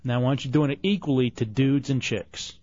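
A man's voice: mid-range voice, steady tone, brisk, darkish tone, highs cut off. A man hosting a talk radio show, bossing and mocking a young helper. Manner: bossy, mocking, gives orders. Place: radio studio.

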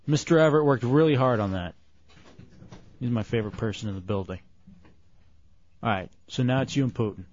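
A man's voice: medium pitch, fairly quick, long pauses, a little mellow, lo-fi sound, a little hiss or hum. A man hosting a talk radio show, bossing and mocking a young helper. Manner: bossy, mocking, gives orders. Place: radio studio.

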